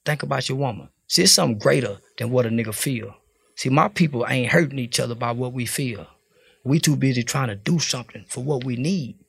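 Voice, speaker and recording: A man's voice: mid-range voice, vocal fry, breathy edge, dry recording. A man from Fort Worth, giving an interview in blunt, profane, preachy street talk. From Fort Worth, Texas. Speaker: interview guest.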